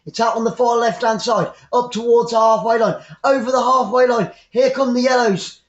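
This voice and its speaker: A man with an English accent giving chatty, excitable live football commentary as a fan, rambling into asides to his viewers. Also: extremely high pitch, moderate pace, reverberant, highs cut off.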